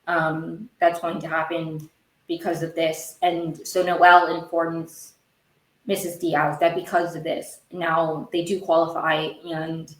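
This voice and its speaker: A woman with a lowish voice hosts a podcast, recapping a TV episode in a loose, rambling style. She keeps correcting herself and gets heated fast. The recording is poor and reverberant.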